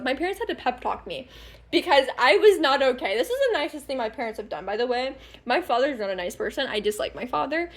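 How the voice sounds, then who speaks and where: A woman's voice: fairly high pitch, big pitch swings, a little fast. A young woman in her late teens telling a rambling storytime vlog, laughing often and swearing casually. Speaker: vlogger.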